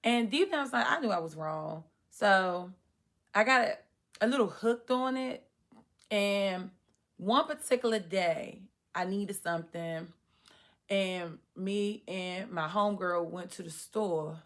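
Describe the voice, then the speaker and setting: A woman in her thirties telling a personal story to the camera, animated and acting out her own past reactions. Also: mid-range voice, slow. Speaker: vlogger. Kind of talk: storytime monologue.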